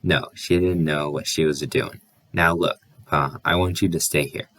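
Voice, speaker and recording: A man voicing a weary, firm rural mother in an audiobook, with a soft country drawl. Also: a bass voice, fairly even intonation, normal speed, no echo. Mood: firm, hushed.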